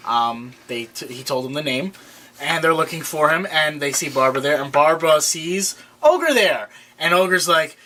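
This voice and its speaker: A man co-hosting a casual TV recap, retelling plot in halting, rambling bursts. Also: fairly high pitch, expressive, bright, forceful tone, a little hiss or hum. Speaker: podcast co-host.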